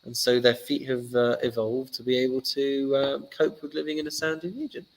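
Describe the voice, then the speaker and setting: A man voicing a calm, patient sage who answers every question gently, in a retold story. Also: medium pitch, moderate pace, natural voice, rough recording.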